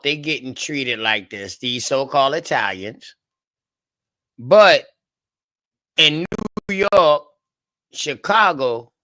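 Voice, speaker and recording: A man hosts a casual live stream and talks back at a history video he is watching. He speaks slowly and bluntly, cursing now and then, with a bright, tense tone. His voice sounds dry and close to the mic. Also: a little high, dry recording. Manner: blunt, animated, swears, interjects with reactions.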